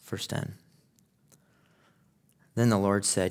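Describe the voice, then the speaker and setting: A man preaching a sermon, emphatic, moving from hushed passages to loud ones and asking rhetorical questions. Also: mid-range voice, moderate pace. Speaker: pastor.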